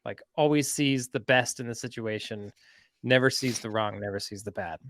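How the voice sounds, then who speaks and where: A man at a middle pitch tells a long story on his podcast in a loose, rambling way, padding it with "like" and "right?". The sound is dry and close, with no room around it. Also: normal speed, a bit bright, dry recording. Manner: chatty, rambling, lots of "like" and "right?". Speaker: podcast host. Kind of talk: casual storytelling.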